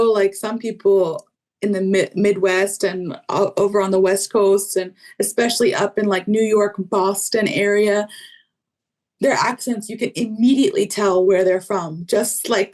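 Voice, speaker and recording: An American woman from the South who teaches English, talking in a casual interview with chatty fillers and lively acted-out quotes. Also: medium pitch. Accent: neutral American, faint Southern roots. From Southern United States.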